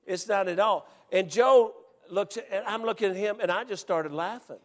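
A man telling a comic personal anecdote, lively and excitable, often laughing as he goes. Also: high voice, moderate pace, few pauses, big-room sound. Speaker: storyteller.

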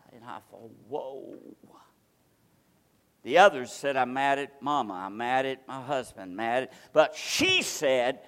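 A male pastor preaching a sermon, telling a story with acted-out quotes and swinging between loud declarations and hushed asides. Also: sits high, long reverb tail. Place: church sanctuary.

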